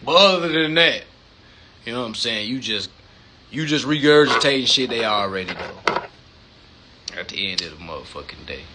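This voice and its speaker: Animated, profane man on a live stream. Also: mid-range voice, moderate pace, pauses often, noisy background. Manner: profane, animated, heavy street slang; repeats words, rhetorical questions. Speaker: livestream host. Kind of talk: casual monologue on a live stream.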